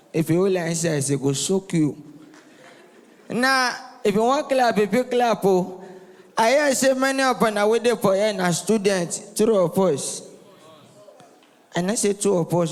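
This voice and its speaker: A man's voice: sits high, measured pace, long reverb tail. A Nigerian man doing a rowdy stand-up comedy set, teasing the crowd and calling for responses. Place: live comedy venue.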